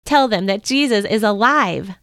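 A woman voicing a joyful, radiant male angel who speaks in a gentle, slow and reassuring way. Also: mid-range voice, animated, dry recording, studio quality.

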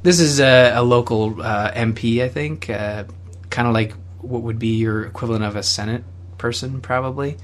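A man's voice: medium pitch, steady tone, moderate pace, a little hiss or hum. A young Canadian man co-hosting a podcast, chatting casually with lots of fillers and restarts. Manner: rambling, many fillers and restarts. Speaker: podcast co-host. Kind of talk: casual chat.

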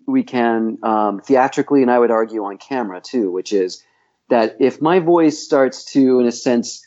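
A man of middling pitch who teaches voice and acting, talking through his ideas in a podcast. He thinks aloud, restarts his sentences, and states firm opinions. The sound is a little dull and lo-fi. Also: darkish tone. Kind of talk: podcast interview.

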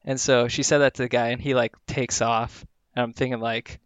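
A man's voice: medium pitch, flat delivery, normal speed, clean tone, dry recording, dull audio. A man in casual chat, telling a rambling story with lots of filler words.

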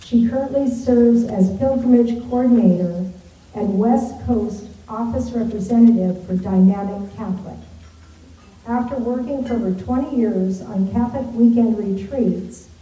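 A woman's voice: a little high, a little slow, warm tone, distant mic. Woman reading a formal introduction in an echoey room. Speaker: introducer of the speaker. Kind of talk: read introduction. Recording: echoey room, away from the mic.

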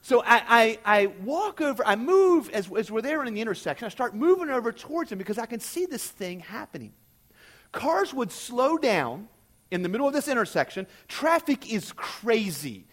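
A middle-aged man preaching a sermon, telling a story in an animated way and often checking in with the listeners. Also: extremely high pitch, moderate pace. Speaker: pastor.

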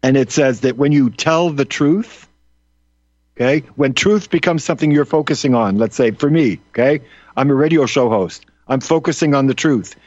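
A man's voice: medium pitch, normal speed, a little mellow, dry recording, highs cut off. A man who hosts a radio show, giving rambling, opinionated commentary full of asides and "you know"s.

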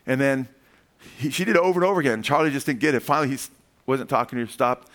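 A man preaching a sermon as pastor, animated, calling "amen?" to the congregation and acting out voices as he tells stories. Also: medium pitch, quick pace. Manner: acts out quoted voices in storytelling.

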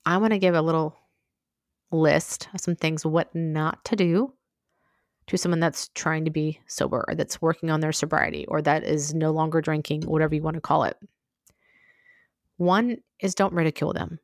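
A woman's voice: low voice, steady tone, normal speed, dry recording. A woman hosting her own podcast, talking frankly and conversationally, full of asides, into a close mic. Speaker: podcast host. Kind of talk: candid solo podcast monologue.

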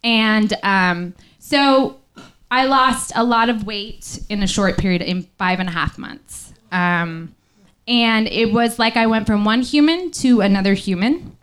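A woman telling a personal story on stage at a small live venue, speaking candidly and haltingly, with many fillers, into a stage microphone. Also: medium pitch, fairly bright tone, smooth.

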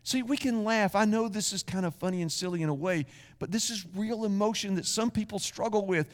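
A man's voice: high voice, fairly quick, big-room sound. A male pastor giving a conversational sermon in a church, acting out little asides as he preaches. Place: church sanctuary.

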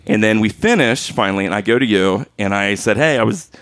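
A man as a podcast guest, telling a funny story casually and acting out his own yelling. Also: on the low side, animated, a little fast, no room sound.

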